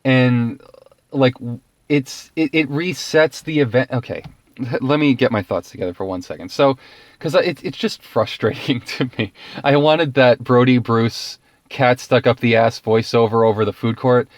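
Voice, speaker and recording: A man's voice: mid-range voice, moderate pace, no echo. A man giving a casual, ranting film review, exasperated and profane, laughing often.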